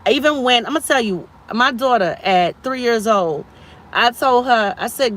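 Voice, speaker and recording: A woman's voice: on the high side, normal speed, a bit bright. A woman in her thirties hosting a motivational live stream, preachy and encouraging, repeating phrases for emphasis.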